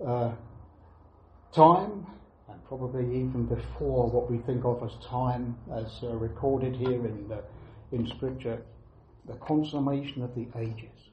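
A man preaching a sermon, earnest and emphatic, repeating key phrases with pauses between them. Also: medium pitch. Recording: echoey room, dull lo-fi sound.

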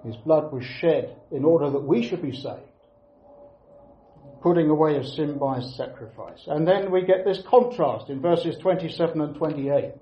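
An earnest man preaches in a fairly high voice. He presses each point with repeated phrases and pauses. The recording is roomy and echoey, with a dull, lo-fi sound. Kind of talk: sermon.

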